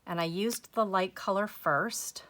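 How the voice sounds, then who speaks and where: Woman, crafting host; slow, gentle step-by-step tutorial delivery. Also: medium pitch, a little hiss or hum. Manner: soft, unhurried, gently encouraging.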